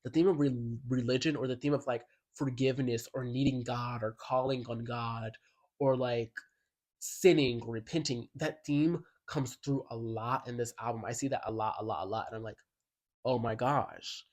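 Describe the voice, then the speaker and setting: A man reviews an album casually as a music YouTuber, talking at a moderate pace in a mid-range, somewhat mellow voice. His commentary is enthusiastic and chatty, heavily peppered with "like."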